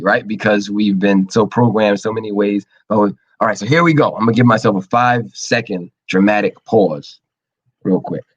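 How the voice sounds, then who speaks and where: A man hosting a casual advice talk show, animated and acting out quoted voices as he talks. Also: lowish voice, lo-fi sound. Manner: animated, acts out quoted voices, laughs often.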